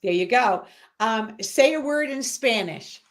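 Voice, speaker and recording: Chatty woman host, high voice. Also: animated, unhurried. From Massachusetts. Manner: chatty, laughs often, many "um" fillers. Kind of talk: casual chat. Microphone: online video call.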